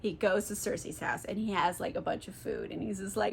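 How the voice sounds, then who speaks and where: A woman's voice: medium pitch, a little fast, vocal fry, darkish tone, a little hiss or hum. A young woman, tipsy, summarizing a book in a giggly, swearing, casual way, full of "like". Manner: giggly, swears a lot, filler-heavy. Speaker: book channel host.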